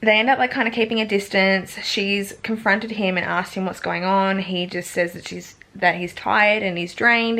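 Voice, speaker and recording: A woman's voice: mid-range voice, steady tone, moderate pace, hardly any pauses, a bit bright. A young woman talking casually about a book in a vlog, peppering her speech with "like" and swearing freely. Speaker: book vlogger.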